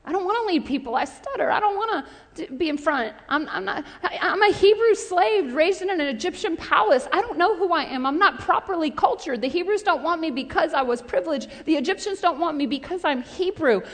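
Insecure stuttery moses voiced by a lady preacher, high pitched, echoey big room. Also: animated. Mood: anxious, self-doubting. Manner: halting, stammering, self-doubting. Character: insecure stammering Moses, a conflicted outcast man.

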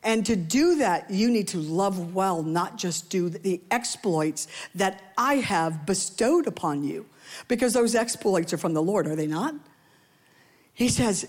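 A woman preaches a sermon in a playful, conversational style, tossing asides to the congregation. Her voice is unhurried, a little mellow, and lively in intonation, and she often acts out quoted voices with a rising pitch.

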